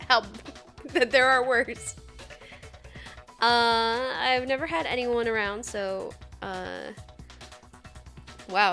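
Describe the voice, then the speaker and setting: Slow-talking woman with a Saskatchewan accent. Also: on the high side, sharp tone. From Saskatchewan, Canada. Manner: giggly and chatty, swears casually, reads chat aloud. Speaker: streamer. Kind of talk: casual gaming stream chat.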